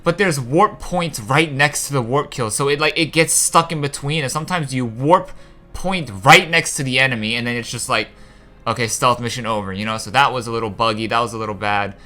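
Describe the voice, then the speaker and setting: Speaking a little fast in a mid-range voice that sounds pushed and bright, this young gaming-channel host vents about a game's plot. It's a casual, profane rant full of frustration and tangents.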